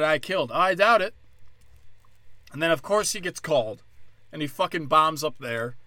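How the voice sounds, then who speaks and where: Fairly high in pitch and pushed bright, a man's voice comes through a dry recording in a solo podcast monologue. The host, a stand-up comedian, rants with anger, profanity and sarcasm, mocking other people in put-on voices.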